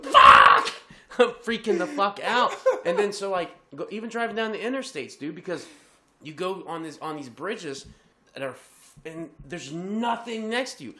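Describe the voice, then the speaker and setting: A young man co-hosting a podcast and telling a story in loose, profane chat. His bright voice swings all over the place, and he breaks into laughter often. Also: sits high, lively intonation, moderate pace. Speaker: podcast co-host.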